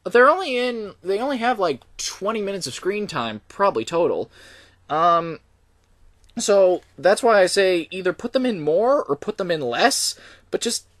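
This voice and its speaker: A man's voice: sits high, moderate pace, dry recording. A young man giving a casual spoken movie review, opinionated and hesitant, full of ums and restarts. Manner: opinionated, lively complaining. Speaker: film reviewer.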